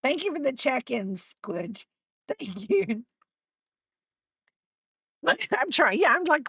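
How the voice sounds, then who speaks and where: A woman chats slowly while she crochets on a livestream, her pitch swooping up and down as she rambles. She pokes fun at herself, laughs often and talks to both her viewers and her dog. Her voice sounds dry and close, with no room around it. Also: sing-song, creaky, fairly bright tone, husky, no echo. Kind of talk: casual chat while crafting on a livestream.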